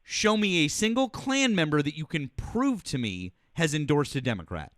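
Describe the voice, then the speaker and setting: A man's voice: a little high, very animated, normal speed, fairly bright tone, no echo, studio quality. A man hosting a political call-in show, cutting in and pressing his point with repeated restarts. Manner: insistent, cuts in, stammers. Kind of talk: call-in debate.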